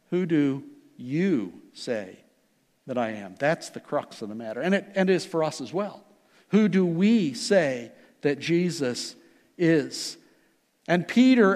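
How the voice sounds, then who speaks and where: A pastor preaching a sermon in an earnest, emphatic manner that rises and falls. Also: male voice, high-pitched, in a large hall. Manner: earnest, emphatic preaching with rising and falling delivery.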